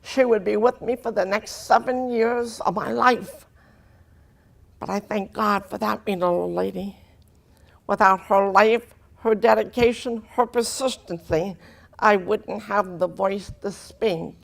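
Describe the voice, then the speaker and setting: A woman's voice: mid-range voice, steady tone, measured pace, vocal fry. Woman with a distinctive deaf speech pattern. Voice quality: distinctive deaf speech with unusual vowels and articulation. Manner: earnest storytelling with dry humor. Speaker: speaker giving a personal testimony. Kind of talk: testimony talk to an audience.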